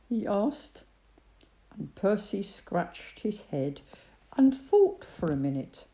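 A woman reading a children's story aloud in an expressive, sing-song way. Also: lowish voice, slow pace.

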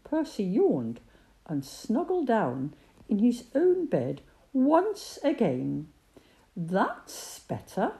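Slow, expressive woman reading a children's story. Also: a little high. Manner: expressive, sing-song.

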